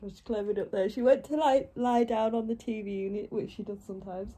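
A woman's voice: mid-range voice, fairly even intonation, brisk, dark tone. A young woman, chatting casually in a vlog and often talking to her dog. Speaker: vlogger.

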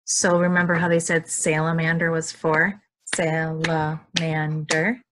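There's background noise behind this woman's fairly low, monotone voice as she teaches young kids from her couch at home. She stretches each word slowly and cheers them along in a sing-song manner.

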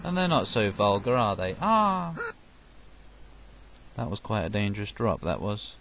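A man's voice: on the low side, sing-song, a little slow, creaky, a bit bright. A young man doing let's play commentary, sarcastic, talking to enemies and swearing and yelping when hit. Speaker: gaming commentator. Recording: noisy game background.

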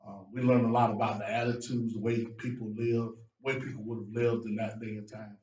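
A man preaching a sermon as a guest preacher, with lively delivery that rises to shouts and drops low for emphasis. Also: a little fast, dull audio, a little hiss or hum. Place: church sanctuary. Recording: echoey church room from far off.

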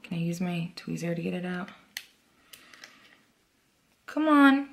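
A woman chatting through an unboxing haul, gushing and excitable, sometimes dropping to a whisper. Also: on the low side, fast talker, gravelly. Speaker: planner vlogger. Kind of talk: casual unboxing chat.

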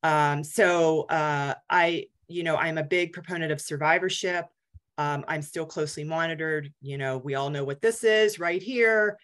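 Low-voiced woman telling her story. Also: normal speed, fairly bright tone. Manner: candid and conversational, many fillers. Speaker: guest speaker, cancer survivor. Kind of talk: personal story talk.

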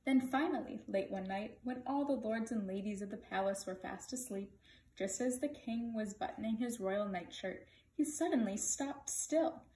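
A woman greeting schoolchildren and reading a picture book aloud in a friendly, expressive way. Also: medium pitch, normal speed, distant mic. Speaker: storybook reader for schoolchildren. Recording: echoey room.

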